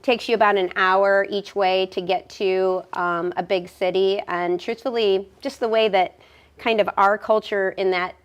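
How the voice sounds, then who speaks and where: A woman, speaking at a middling pitch. She answers questions in a measured, hesitant way, often pausing to find her words. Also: fairly even intonation. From Northern Ohio, USA. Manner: measured, hesitant, lots of ums. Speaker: guest, business owner. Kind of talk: conversational interview answers.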